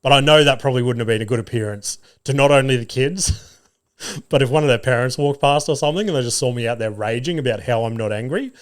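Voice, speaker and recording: A man, hosting a solo podcast and telling sweary, animated stories about family life. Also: medium pitch, fast talker. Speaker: podcast host.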